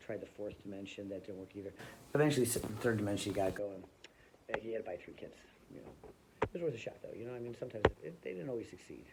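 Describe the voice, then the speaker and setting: Low-voiced man rambling through a comic story. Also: background noise. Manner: loose, rambling, full of fillers and restarts.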